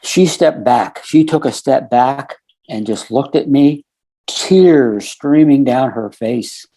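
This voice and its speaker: A man's voice: medium pitch, slow, dark tone. A middle-aged man telling a story earnestly on a podcast, recounting conversations step by step and filling with "you know" and "um". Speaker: podcast guest. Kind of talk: casual storytelling.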